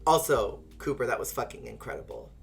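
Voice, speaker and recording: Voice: mid-range voice, wildly swooping pitch, brisk, gravelly, a little hiss or hum. A streamer giving playful, giggly commentary on a live game playthrough and chatting with viewers. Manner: playful, giggly, talks to chat.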